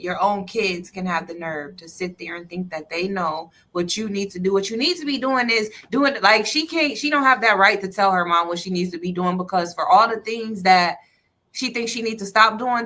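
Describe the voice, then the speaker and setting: A woman's voice: medium pitch, moderate pace, bright, forceful tone. A woman co-hosting a radio talk show, speaking frankly and opinionatedly, swearing freely. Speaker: co-host.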